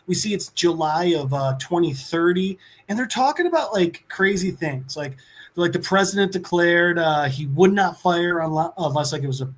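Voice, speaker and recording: Brief: male podcast co-host, high-pitched, chatty and profane, loose comic book recap. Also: normal speed. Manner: rambling, profane, filler-heavy, acts out quotes.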